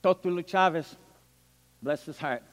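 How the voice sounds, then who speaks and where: An older man with a high voice preaches as a missionary evangelist, telling stories with animated swings from loud bursts down to hushed murmurs. His voice carries a long reverb, as if spoken in a large hall. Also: measured pace. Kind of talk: storytelling sermon.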